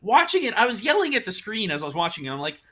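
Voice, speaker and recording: A man co-hosting a podcast in casual, joking chat, with animated delivery that keeps restarting its sentences. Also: high voice, rapid-fire. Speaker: podcast co-host.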